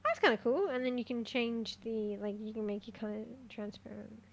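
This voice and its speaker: A woman livestreams a game with casual chat, getting excited easily and swearing freely as she swings from quiet muttering to loud outbursts. Her voice is a little high and creaky at a moderate pace, with slight background noise.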